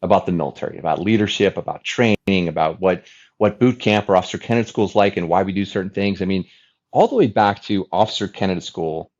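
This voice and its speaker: A man in his forties, a former fighter pilot, telling his story as a podcast guest in an animated, chatty way with many restarts. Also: deep voice, fast, muffled recording. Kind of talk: casual storytelling interview.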